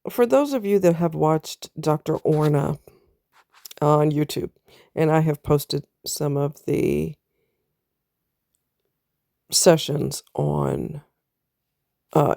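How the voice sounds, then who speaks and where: Speaking directly to her audience in a candid, casual vlog, a middle-aged woman shares a personal story in a deep, gravelly, dark voice sprinkled with southern US slang. The studio sound is clean, with no echo.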